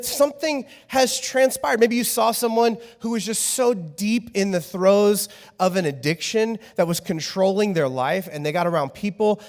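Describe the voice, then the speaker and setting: Pastor, male, higher register, animated comic sermon delivery, church hall reverb. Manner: animated, joking storyteller.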